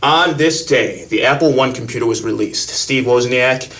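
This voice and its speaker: A man's voice: mid-range voice, moderate pace, fairly bright tone, recorded from a distance, slight background noise. A man hosting a podcast, telling stories in a brash, self-assured way. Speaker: podcast host. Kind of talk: casual podcast chat.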